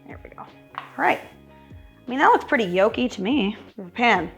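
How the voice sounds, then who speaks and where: A woman's voice: on the high side, big pitch swings, normal speed, vocal fry, a bit bright, faint music behind. A woman hosting a cooking show in her home kitchen, chatty and wry as she talks through each step. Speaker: cooking channel host. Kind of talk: casual cooking demonstration.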